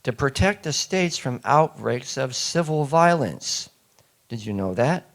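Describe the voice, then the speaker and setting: A man's voice: mid-range voice, animated, measured pace. Emphatic man lecturing an audience. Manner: emphatic, asks the audience questions. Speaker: speaker addressing an audience. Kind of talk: public lecture.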